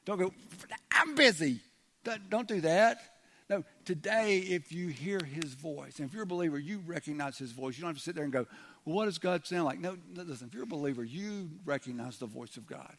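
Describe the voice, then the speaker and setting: Man, pastor, conversational sermon; a touch high-pitched, stammers into his points, plays quoted characters. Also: brisk. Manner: conversational, repeats words when starting, acts out quoted voices.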